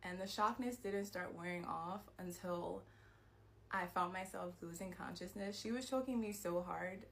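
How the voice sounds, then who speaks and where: A woman telling a personal story to her viewers in a storytime vlog, animated and peppered with "like" and swearing. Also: lowish voice, normal speed, vocal fry, slight background noise. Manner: animated retelling, heavy use of "like", frequent swearing. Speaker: vlogger.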